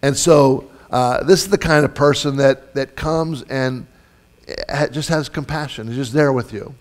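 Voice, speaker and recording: A pastor delivers a sermon in a church, his voice medium-pitched and his pace measured. He tells stories loosely and conversationally, with frequent fillers and many restarts.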